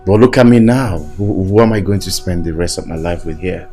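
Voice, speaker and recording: A low voice of an actor playing a remorseful lover, pleading softly and explaining himself. Quiet music sits under him. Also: male voice, a little fast, close to an everyday voice. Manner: soft, pleading. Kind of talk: Nollywood film acting.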